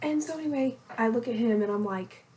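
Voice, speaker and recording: A young woman in her twenties co-hosting a podcast, telling a gossipy story in a lively, animated way. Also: fairly high pitch, fairly quick, a little hiss or hum. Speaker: podcast co-host. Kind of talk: casual storytelling chat.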